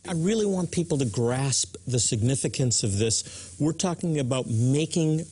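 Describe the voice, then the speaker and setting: A man's voice: medium pitch, animated, normal speed, dark tone, slightly rough. A man hosting a religious talk show in an ordinary mid-range voice. He speaks earnestly, leaning on the points he wants viewers to grasp.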